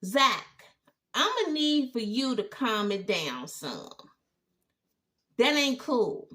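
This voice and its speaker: A woman giving a casual, animated TV episode recap with exclaiming asides. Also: fairly high pitch, slow. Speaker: TV recap host.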